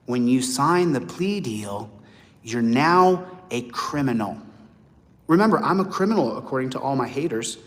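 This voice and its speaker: Animated man with roomy reverb. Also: mid-range voice, normal speed. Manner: animated, acts out voices of others; blunt, profane. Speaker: host. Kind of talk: monologue to viewers. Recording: long hall reverb.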